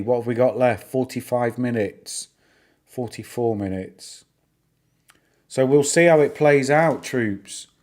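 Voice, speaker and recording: A man's voice: medium pitch, a little mellow. A middle-aged man giving casual, rambling commentary on a live stream, chatty and amused by his own jokes. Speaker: stock-market live streamer.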